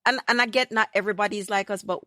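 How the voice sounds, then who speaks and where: A woman's voice: mid-range voice, fast talker, dry recording, studio quality. Jamaican woman hosting a chatty podcast. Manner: lively storyteller slipping into patois. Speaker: podcast host. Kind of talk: casual conversational interview.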